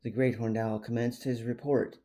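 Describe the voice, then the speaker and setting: A man reads an animal story aloud at an unhurried, steady pace. His voice has a middling pitch and a mellow, darker tone. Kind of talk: storybook narration.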